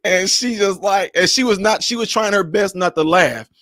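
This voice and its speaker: Animated man telling stories on a livestream. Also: high-pitched, moderate pace, dry recording, studio quality. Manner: animated storyteller, laughs often. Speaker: livestream host. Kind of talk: casual chat on a livestream.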